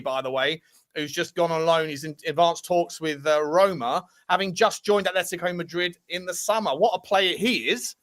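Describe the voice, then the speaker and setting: A man's voice: fairly high pitch, a bit bright. A man co-hosting a football podcast, chatting casually and rambling through sponsor plugs. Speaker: podcast co-host.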